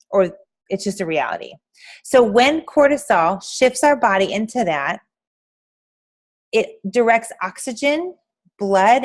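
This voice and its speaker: Chatty woman teaching a class. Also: mid-range voice. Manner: chatty, addresses listeners as guys, acts out quoted reactions. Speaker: class instructor. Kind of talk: lively class talk on health and faith.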